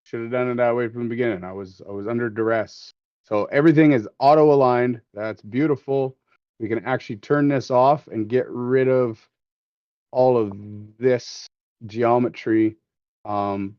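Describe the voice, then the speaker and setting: A medium-pitched man jokes and rambles through a casual livestream from his workshop, demonstrating 3D scanning amid many fillers and restarts. There's no room sound, and the stream audio is slightly dull and lo-fi.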